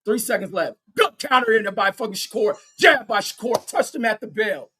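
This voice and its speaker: A man with a high voice calls a boxing match live as a fan commentator. He is excitable and profane, shouting encouragement at his favorite fighter. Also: brisk, a little hiss or hum. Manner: reads viewer chat aloud.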